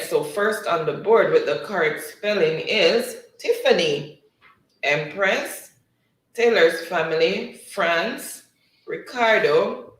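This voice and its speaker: A man's voice: a little high, fairly bright tone. A man hosting a live-stream spelling quiz in a casual, chatty way, reading viewers' comments aloud and laughing often. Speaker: livestream quiz host. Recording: echoey room, distant mic.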